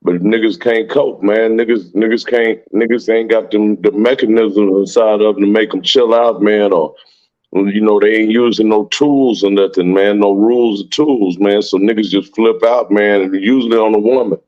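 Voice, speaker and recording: Blunt low-voiced man on a dull recording. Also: fairly even intonation, normal speed, darkish tone. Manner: blunt, profane, street slang, repeats "man". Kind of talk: casual conversation.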